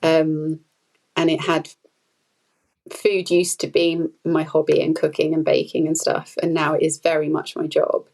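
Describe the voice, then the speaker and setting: On poor audio, a woman with a deep, darkish voice speaks a little slowly with completely flat delivery. She's a podcast guest who works as a food photographer, and her casual interview talk rambles along with lots of fillers and light laughter.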